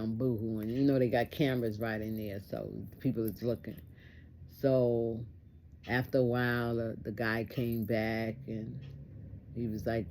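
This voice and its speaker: A woman's voice: a bass voice, mellow, a little hiss or hum. A woman telling a personal testimony story in an earnest way, repeating phrases for emphasis.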